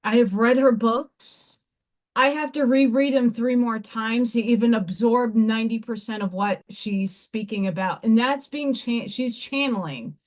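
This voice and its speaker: A woman chats slowly and loosely while crafting on a live stream at home, her voice sitting a little high. She rambles and mutters to herself between thoughts in an easy, casual way. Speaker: livestream host.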